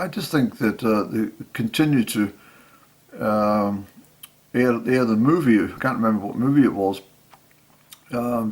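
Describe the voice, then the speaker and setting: An older man, casually reminiscing in a halting way with many restarts. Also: medium pitch, creaky, husky. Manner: halting, full of restarts and fillers. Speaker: storyteller.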